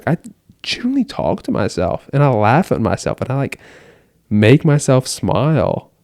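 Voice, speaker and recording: A man's voice: medium pitch, very animated, moderate pace, warm tone, no room sound, studio quality. A seventeen-year-old boy from the United States, talking to the camera in his bedroom late at night in a rambling, earnest monologue full of "like" fillers. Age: teens. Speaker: vlogger.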